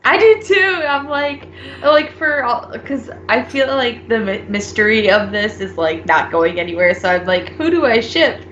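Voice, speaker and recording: A young woman co-hosting a casual drama discussion, relaxed and full of filler words. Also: fairly high pitch, moderate pace, hardly any pauses, roomy sound, muffled recording, faint music behind. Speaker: co-host of a drama discussion channel. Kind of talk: casual chat.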